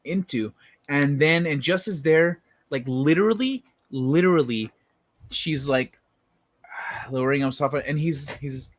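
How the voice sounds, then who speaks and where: A man's voice: a little high, unhurried. A man live-streaming, chatting casually with viewers and telling stories in a rambling, profane way.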